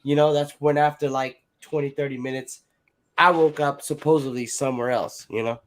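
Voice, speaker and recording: A man's voice: mid-range voice, fairly even intonation, moderate pace. Rambling man telling a strange tale. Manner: rambling, full of "like" and "you know", swears freely; acts out other people's lines in quotes. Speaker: guest telling a story. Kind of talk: casual storytelling.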